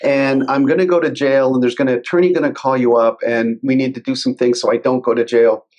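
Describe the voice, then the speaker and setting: A man playing a young male scammer posing as a grandson, explaining in a rushed and nervous way. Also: medium pitch, fairly even intonation, a little mellow, natural voice.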